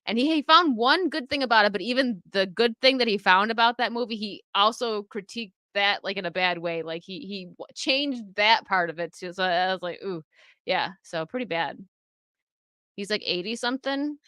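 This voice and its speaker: A woman with a bright, forward voice chats casually on her livestream, answering chat and laughing often. She speaks into a close desk microphone in a dry, dead-sounding room with no echo. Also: medium pitch, lively intonation, normal speed. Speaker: streamer chatting with live chat.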